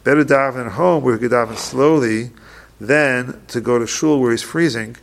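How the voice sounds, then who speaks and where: Gravelly man teaching a text class. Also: mid-range voice. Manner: reads each Hebrew passage slowly, then explains it in quick plain English. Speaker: Torah teacher. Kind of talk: halacha class, reading Hebrew text then translating.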